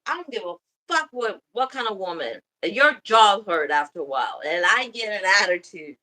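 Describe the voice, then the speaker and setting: A woman's voice: mid-range voice, expressive, moderate pace, sharp tone, poor audio. A woman hosting a livestream in casual chat, laughing often and swearing. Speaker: livestream host.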